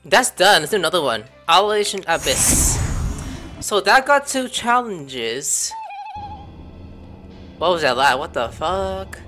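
A man's voice: high-pitched, big pitch swings, a little slow, pauses often, sharp tone, soft background music. A man giving casual let's-play commentary, thinking aloud and breaking into sudden surprised outbursts. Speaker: gameplay commentator.

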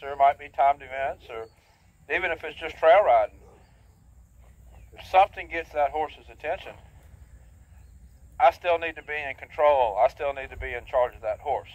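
A man training a horse while riding in an outdoor arena, explaining his technique in a plain, steady, practical way. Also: a little high. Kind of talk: instructional talk while riding. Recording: thin phone-like outdoor audio.

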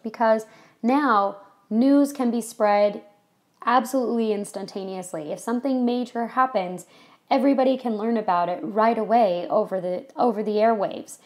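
Chatty woman teaching a history lesson. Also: on the high side. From California. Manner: chatty, many ums and you-knows. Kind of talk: classroom lecture.

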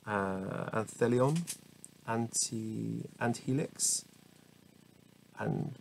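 A man's voice: medium pitch, little pitch movement, drawn-out words, vocal fry, pauses often, a little hiss or hum, poor audio. A man reading dictionary entries aloud at home, often stumbling over hard words, correcting himself and laughing at his own mistakes. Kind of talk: casual unscripted reading with asides. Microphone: small camera mic.

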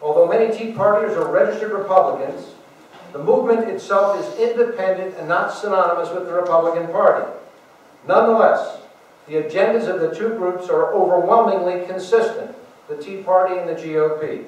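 A man with a high voice gives an emphatic political speech to a gathering and often turns to the audience with rhetorical asides. He sounds far from the mic, and the hall around him rings with heavy echo. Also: a little fast. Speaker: guest speaker. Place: large meeting room.

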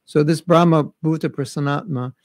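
Male spiritual teacher, slightly high and gravelly, dry recording; relaxed lecture with recited verses. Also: normal speed, dry recording. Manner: conversational, recites verses in Bengali and Sanskrit. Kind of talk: scripture class lecture. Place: recorded at home during travel restrictions.

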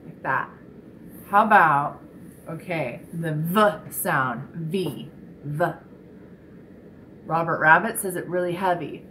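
Brief: woman speech teacher for kids, unhurried and encouraging, faint room hum behind. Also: deep voice, pushed and bright, rough recording. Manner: encouraging, demonstrating sounds slowly for children. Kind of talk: slow, clear children's speech lesson.

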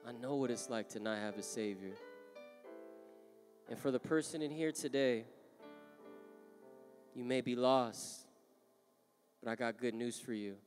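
A man preaching a sermon, moving from soft-spoken storytelling to loud, impassioned calls. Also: medium pitch, unhurried, pauses often. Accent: Southern Californian. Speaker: pastor. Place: large church hall. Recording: long hall reverb, live church. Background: music playing.

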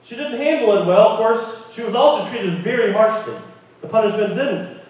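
A man preaching a sermon in a church, lively and conversational, often asking the congregation questions. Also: high voice, normal speed. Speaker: pastor. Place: church sanctuary. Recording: very echoey room, mic at a distance.

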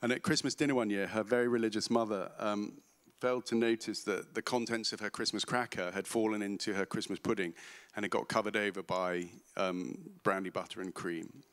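A man's voice: on the low side, steady tone, fairly quick, hardly any pauses, a bit bright. A male author on a festival stage, telling anecdotes with laughter and self-mockery. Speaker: author being interviewed. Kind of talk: live storytelling at a literary festival. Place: festival stage before a live audience.

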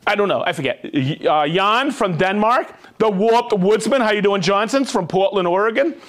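Guy hosting a live stream, pretty high voice that bounces all over, upbeat and jokey. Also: lively intonation, a bit bright. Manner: upbeat, jokey, reads viewer names and places quickly. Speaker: host of a live tool show. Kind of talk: live-stream shout-outs to viewers.

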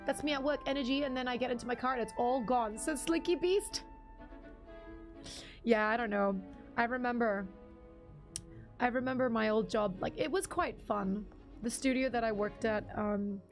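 A young woman chats casually with her live-stream audience, laughing often and thanking viewers by name. Her voice sits high and bright in pitch. Faint game music plays softly behind her. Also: moderate pace, pauses often. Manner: chatty, giggly, reads chat names aloud.

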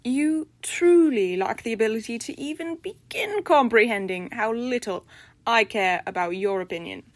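A woman's voice: mid-range voice, normal speed, no room sound, lightly acted. A woman voicing the prim, haughty spirit of an old-fashioned lady from a bog body, speaking with formal, peevish diction in a storybook reading. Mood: imperious.

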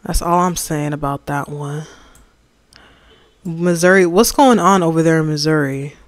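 A livestreamer chatting casually while designing, slangy and animated, reading and answering the chat and ranting about opinions. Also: mid-range voice, measured pace, dry recording, clean studio sound.

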